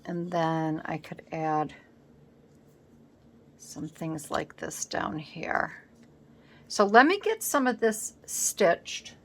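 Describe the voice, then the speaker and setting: A woman's voice: low-pitched, very animated, very slow, long pauses. A woman talking casually at her craft table at home, thinking aloud as she works, recorded by a camera set on the table. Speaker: scrapbooking vlogger. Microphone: camera set up on the work table.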